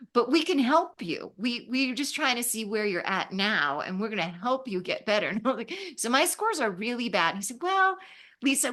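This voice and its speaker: A woman in her fifties from Los Angeles, a travel writer telling stories in an interview, animated and acting out the voices she quotes. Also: fairly high pitch. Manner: animated, acts out quoted voices, laughs often. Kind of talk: casual storytelling in an interview.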